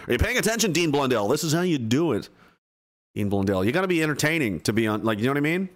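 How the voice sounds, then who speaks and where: A man's voice: medium pitch, sing-song, quick pace. A man hosting a livestream, reading out chat and rambling casually, swearing and full of fillers and restarts.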